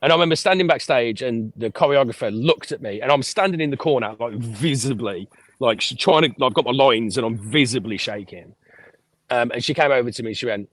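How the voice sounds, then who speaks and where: A man, a podcast guest telling lively stories about his life and swearing freely. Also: medium pitch, brisk, no echo. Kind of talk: casual storytelling interview.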